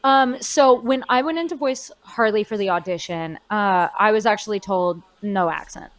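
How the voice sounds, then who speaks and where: A woman's voice: medium pitch, normal speed, low-quality recording. A woman in her twenties, a voice actor chatting expressively in a convention interview, with fillers and restarts. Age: 20s. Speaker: voice actor guest.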